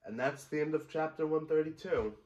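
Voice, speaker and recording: A man's voice: a little high, fairly quick, lo-fi sound, background noise. A man reacting to a manga chapter in casual commentary, exclaiming and swearing and calling the listener bro. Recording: echoey room.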